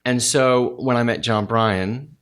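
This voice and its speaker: A man in his forties, a film director guest on a podcast, talking casually in halting stretches full of restarts and pauses. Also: mid-range voice, a bit bright. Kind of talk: casual conversation.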